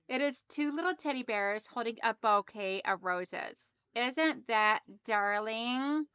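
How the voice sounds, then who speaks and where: A woman's voice: on the high side, bright, forceful tone, clear, resonant tone, no room sound, muffled recording. A woman hosting a sewing livestream, chatting casually and greeting her viewers one by one by name.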